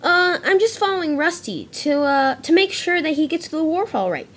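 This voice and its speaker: A woman's voice: high voice, very animated, normal speed, a bit bright, voice pushed up. A woman doing a sulky jealous engine. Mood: evasive. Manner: sulky, groaning. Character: jealous young male tank engine.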